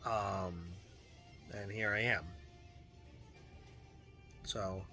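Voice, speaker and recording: A man speaking to camera in a personal video journal, slow and unhurried, often breaking off and restarting his sentences. His voice is strikingly bright and sharp. His manner is earnest and heartfelt, over faint background music. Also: fairly low pitch, steady tone. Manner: halting, with frequent restarts and fillers. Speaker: vlogger.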